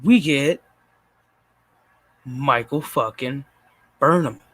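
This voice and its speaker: A man's voice: mid-range voice, drawn-out words, a bit bright, dry recording. A man streaming a profane, exasperated reaction rant with frequent sighs, talking straight into his mic. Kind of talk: ranting reaction commentary.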